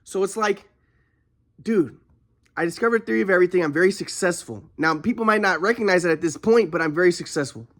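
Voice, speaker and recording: A man's voice: high voice, fast, fairly bright tone. A man rambling agitatedly through a personal story, swearing often and restarting his sentences. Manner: agitated, profane, repeats and restarts himself. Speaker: vlogger telling his own story. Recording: echoey room.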